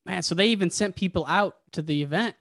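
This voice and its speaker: A man's voice: high voice, fast, a bit bright, dry recording, clean studio sound. A male host chatting casually and enthusiastically, with a slangy way of talking. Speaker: podcast host. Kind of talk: casual interview chat.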